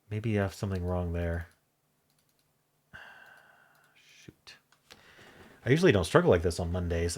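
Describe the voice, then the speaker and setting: A man thinking aloud as he solves a crossword, muttering in halting self-talk with half-voiced asides. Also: low voice, darkish tone, husky. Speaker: crossword solving channel host. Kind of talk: thinking aloud while solving a puzzle.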